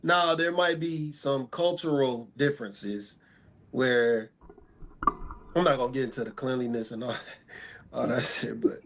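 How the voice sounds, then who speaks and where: A man's voice: medium pitch, unhurried, long pauses, background noise. A man speaking as a talk show guest, stating firm, repetitive opinions about women in casual talk.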